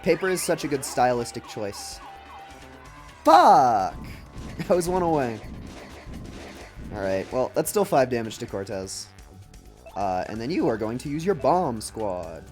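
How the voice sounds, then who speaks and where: A man's voice: mid-range voice, very animated, measured pace, long pauses, darkish tone. A young man giving casual, chatty live commentary while playing a video game, laughing often and slipping into silly voices. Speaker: streamer. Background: faint game music.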